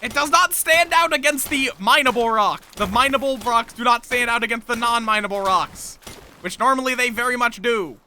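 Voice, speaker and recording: A man's voice: very high-pitched, normal speed, pushed and bright, slight background noise. A man chatting casually while streaming a game, rambling and talking to himself and his viewers. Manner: rambling, talks to himself and chat. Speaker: live streamer. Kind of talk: casual gameplay chat.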